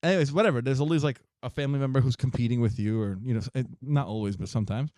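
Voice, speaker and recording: A man's voice: mid-range voice, very fast, dark tone, no room sound, clean studio sound. A young man co-hosting a podcast in a rambling, slangy chat, with lots of restarts and laughter. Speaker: podcast co-host. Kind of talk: casual chat.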